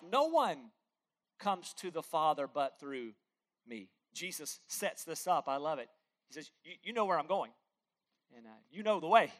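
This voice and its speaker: A man preaching a sermon as pastor, pleading with his listeners, moving between loud emphatic lines and hushed, quiet ones. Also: on the high side, very animated, normal speed.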